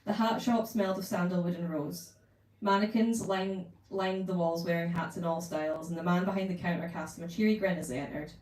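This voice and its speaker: A woman author, reading her novel aloud at a bookshop event in a measured narrating voice. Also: lowish voice, steady tone, darkish tone. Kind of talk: live book reading. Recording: roomy room, distant mic.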